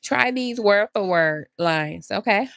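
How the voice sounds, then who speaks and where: Speaking slowly but in an animated way, a female podcast host delivers a motivational talk, addressing listeners earnestly and directly. Her medium-pitched voice is a bit bright and slightly gravelly, recorded close and dry with almost no room sound.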